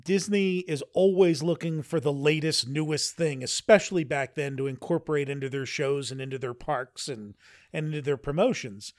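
A man's voice: a little high, moderate pace, no room sound, studio quality. A man co-hosting a podcast in casual chat, rambling with frequent restarts. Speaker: podcast co-host.

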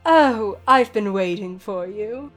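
A woman's voice: medium pitch, animated, slow, a bit bright, soft background music. A woman playing a graceful dream giantess. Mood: sweetly amused. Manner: honeyed, coaxing, condescending. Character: towering graceful dream woman, sweetly menacing.

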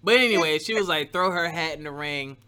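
An upbeat man hosts a casual podcast, his voice set a little high and ringing bright. He chats loosely and cheerfully with his guest and listeners. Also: brisk, smooth. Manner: lively, upbeat, chatty with laughs. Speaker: podcast host.

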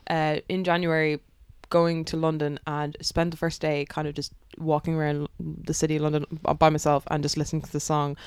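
A woman's voice: low voice, flat delivery, a little fast, few pauses, smooth, no room sound. A woman appearing as a podcast guest, talking in a hesitant way with fillers. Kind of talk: casual chat.

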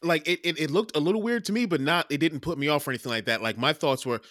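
Male co-host, sharp bright tone, wry and joking, dry close sound. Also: on the high side, fast talker, no echo. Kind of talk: casual chat.

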